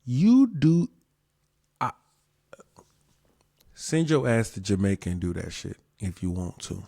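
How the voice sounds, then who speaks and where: A man's voice: low voice, lively intonation, a little slow, gravelly, a little mellow, husky, dry recording, studio quality. A man hosting his own show, giving casual commentary in an emphatic way, repeating his points and asking rhetorical questions. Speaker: show host.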